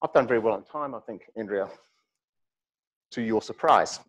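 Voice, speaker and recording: Kiwi guy giving a lecture, animated, jokey asides, middle-aged. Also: on the low side, normal speed, breathy edge, rough recording. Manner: lively, animated, humorous asides. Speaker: academic lecturer. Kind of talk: university lecture presentation.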